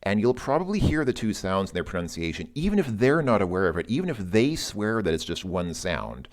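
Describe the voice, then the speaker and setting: Man, deep voice, animated intonation, casual explainer, rambling, self-correcting, non-native Russian speaker. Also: brisk. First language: not Russian. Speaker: language learner explaining pronunciation.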